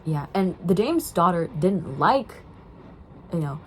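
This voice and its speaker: A woman's voice: on the low side, sing-song, takes it slowly, slight background noise, rough recording. A young woman chatting casually as she recaps a movie, rambling with lots of fillers. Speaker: vlogger.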